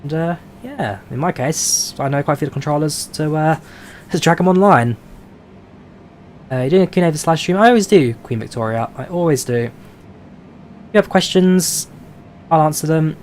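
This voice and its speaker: This man's voice sits on the high side and sounds a little mellow; he speaks at normal speed and pauses often. He's a flight sim streamer from London, England with a London accent, casually chatting on a live stream while flying, reading viewer questions and answering with lots of "uh"s. There's a little hiss or hum.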